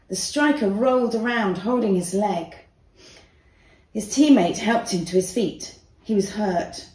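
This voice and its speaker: A woman reads her children's story aloud in an expressive, storytelling way. She speaks slowly, with a mellow, soft tone, and the recording has a roomy echo. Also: mid-range voice. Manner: expressive storytelling, slow and clear. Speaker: author reading her book.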